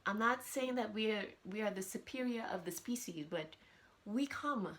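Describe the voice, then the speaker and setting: An animated woman hosts her podcast in a casual, chatty way. She talks straight to her listeners and keeps their attention in a mid-range voice. It is recorded as she sits in front of her camera. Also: mid-range voice, normal speed. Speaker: podcast host. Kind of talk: casual chat. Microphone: camera with audio.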